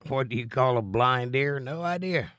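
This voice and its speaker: Speaking at a normal speed, this middle-aged man has a medium-pitched, slightly bright voice that is clear and resonant. He runs a live stream, reading out viewer comments with a joking, chatty manner and replying to the chat directly. The recording is studio quality, with no room sound.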